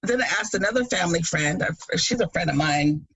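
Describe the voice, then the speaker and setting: A woman co-hosting a podcast, telling stories in a casual, animated way with frequent laughs. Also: on the low side, fairly quick, breathy edge, dry recording, poor audio. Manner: animated storyteller, laughs often. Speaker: podcast co-host. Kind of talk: casual chat.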